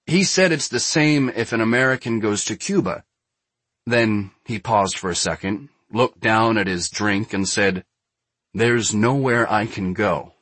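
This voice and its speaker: A man reading a foreword aloud in a dry, measured way. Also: lowish voice, a bit bright, no room sound. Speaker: foreword writer.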